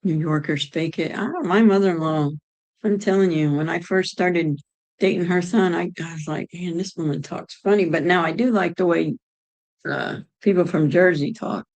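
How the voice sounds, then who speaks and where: Middle-aged woman from Ohio, casual streamer, rambling chat, low-pitched. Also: normal speed, darkish tone, low-quality recording. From Ohio, United States. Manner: chatty, rambling, answers chat aloud. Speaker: streamer chatting with viewers.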